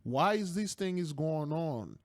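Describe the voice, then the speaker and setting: A man's voice: a little high, expressive, measured pace, no echo, studio quality. A man commenting over video clips as an online preacher, repeating his points emphatically and addressing listeners as beloved.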